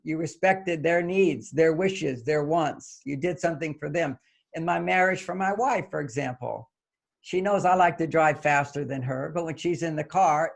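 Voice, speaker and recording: Gravelly older man explaining animatedly. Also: a little high. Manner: animated, acts out little dialogues. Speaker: guest author. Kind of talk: interview conversation.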